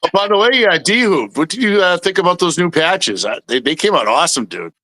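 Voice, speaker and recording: A man co-hosting a live podcast, chiming in casually with quick agreeing interjections. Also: sits high, very animated, sharp tone. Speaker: podcast co-host.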